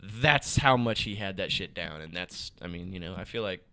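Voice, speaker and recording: A man's voice: sits low, expressive, normal speed, bright, forceful tone, dry recording. A man co-hosting a casual podcast chat, ranting heatedly and swearing freely. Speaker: podcast co-host.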